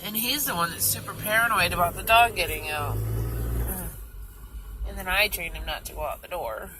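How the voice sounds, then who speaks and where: A woman's voice: lowish voice, normal speed. A woman chatting casually while she drives, self-mocking and talking back to other drivers. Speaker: vlogger. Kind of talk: casual chat while driving. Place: car on the road. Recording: noisy car interior. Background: car and road noise.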